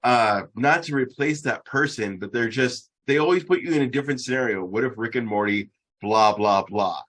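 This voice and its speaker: A man's voice: medium pitch, normal speed, fairly bright tone. A man in a casual podcast chat, rambling and swearing as he restarts his sentences.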